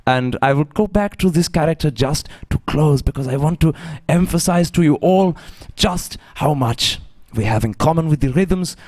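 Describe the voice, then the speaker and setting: A man's voice: on the high side, lively intonation, normal speed, hardly any pauses, a little mellow. A man playing a pompous German professor with a put-on German accent, lecturing grandly. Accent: fake German.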